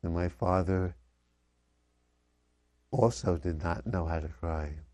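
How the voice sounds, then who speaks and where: An older man telling personal memories straight to his father, reflective, often letting his voice sink soft and low. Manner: slow, reflective, often dropping softly. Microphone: wired microphone.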